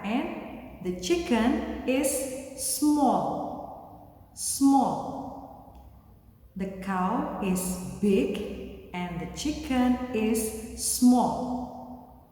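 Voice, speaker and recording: Woman, Indonesian accent, kindergarten teacher, simple words, fairly high voice, echoey room. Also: darkish tone. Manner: slow, simple words with animal sounds. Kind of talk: online English lesson for young children. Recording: very echoey room with long reverb.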